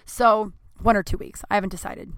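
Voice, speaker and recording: A woman's voice: mid-range voice, steady tone, a little fast, no echo, studio quality. A young adult woman hosting her own podcast, telling candid stories in a rambling way with many ums and self-deprecating asides. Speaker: podcast host. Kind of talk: casual solo podcast storytelling.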